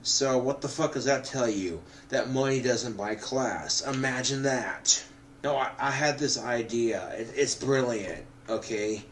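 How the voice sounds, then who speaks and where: A drunk man rambling to the camera, swearing often and breaking into loud outbursts. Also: mid-range voice, measured pace, slight background noise. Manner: profane, swings into loud outbursts.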